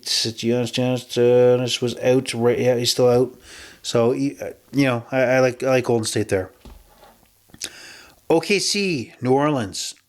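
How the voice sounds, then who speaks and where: A man hosting a podcast, giving casual sports betting picks in a chatty, rambling way with frequent self-corrections. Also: mid-range voice. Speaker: podcast host.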